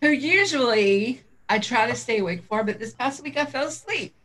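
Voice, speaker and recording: A woman's voice: a little high, expressive, normal speed, fairly bright tone. A middle-aged woman co-hosting a livestream in casual chat, rambling, laughing often and getting easily sidetracked. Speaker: co-host of a vaping livestream.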